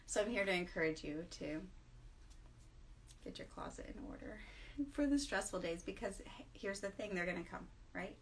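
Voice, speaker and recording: A woman's voice: mid-range voice, moderate pace, slight background noise. A middle-aged woman hosting a casual morning vlog, tired, chatty and self-mocking, laughing often as she talks. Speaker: vlog host.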